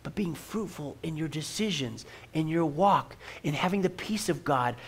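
A man's voice: on the high side, lively intonation, normal speed, slightly rough. A middle-aged man, a pastor, preaching a sermon in an earnest way and often repeating words as he starts a sentence. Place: church.

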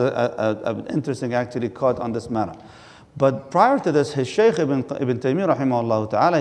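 A man's voice: mid-range voice, darkish tone. A male Islamic scholar giving a religious lecture, asking and answering his own questions and reciting Arabic passages. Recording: hall with long reverb.

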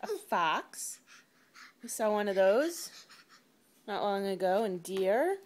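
A woman's voice: mid-range voice, animated, slow pace. A woman reading a picture book to her toddler at home, in a playful sing-song baby talk full of animal noises. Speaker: parent.

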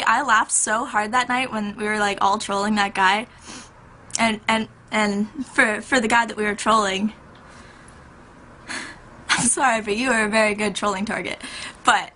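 A woman's voice: fairly high pitch, pushed and bright, a little hiss or hum. A young woman in her twenties chatting casually to her viewers in a hyper, rambling, giggly way. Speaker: YouTuber. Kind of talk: casual vlog chat.

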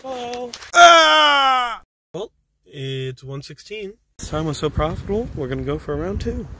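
A man's voice: fairly high pitch, expressive, a little fast, a little mellow, husky. Chatty delivery-driver man in his car. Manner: chatty storytelling, laughs often. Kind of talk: casual vlog narration. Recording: car road noise.

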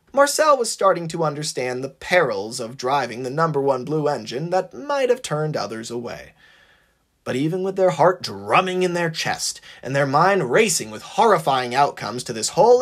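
Husky, lively storybook narrator. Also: medium pitch. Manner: expressive, animated storytelling. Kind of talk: scripted narration of a fan audiobook story.

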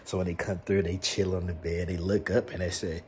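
Joking young man with a low, mellow voice. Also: flat delivery, fairly quick, slight background noise. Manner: joking, boastful, loose street slang. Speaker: mukbang vlogger. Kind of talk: casual slangy vlog chat. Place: his bedroom lit with colored LED lights.

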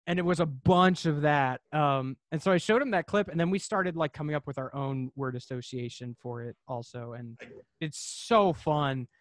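A man with a fairly high voice rambles through a story as a podcast guest, leaning on lots of filler words as he goes. He sounds laid-back and unhurried. The sound is dry, with no room around it. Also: steady tone, no echo. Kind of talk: casual chat.

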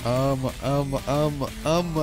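A man's voice: medium pitch, fairly even intonation, very slow. A man giving rambling, self-mocking gameplay commentary, swearing often. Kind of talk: casual game commentary. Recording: loud game music behind.

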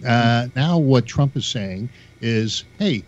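A man's voice: medium pitch, animated, takes it slowly. A man calling in to a radio talk show, opinionated and wry, chuckling at his own remarks. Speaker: radio caller. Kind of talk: phone-in chat. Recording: dull, lo-fi phone line.

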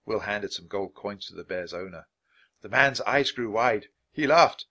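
A man reading a children's book aloud, clear, steady and expressive. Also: lowish voice, unhurried. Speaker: story reader.

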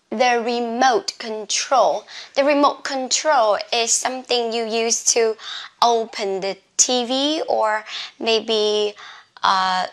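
Slow, bright-voiced woman teaching English. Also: on the high side. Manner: slow, spelling out letters one by one. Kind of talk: classroom lesson. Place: classroom with a board.

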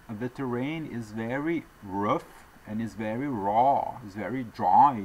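This vlogger talks to his audience off the cuff, drifting from point to point with earnest sincerity and frequent apologetic asides, all in a non-native English accent. His voice is mid-range, and the poor-quality recording has slight background noise.

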